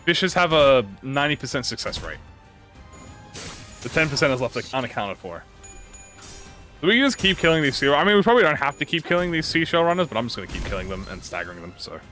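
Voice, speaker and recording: Gaming guy talking through his turns, really lively up and down voice, quiet game music behind. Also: on the high side, fast, long pauses. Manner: animated, thinks out loud while playing. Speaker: gaming channel host. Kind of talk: let's-play commentary.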